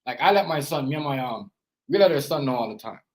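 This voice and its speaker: A man's voice: medium pitch, animated, fast talker, low-quality recording. Rambling man in casual commentary. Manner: rambling, loose, full of "you know" and "as I said"; earnest, lecturing tone about parenting. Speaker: parent and reaction vlogger.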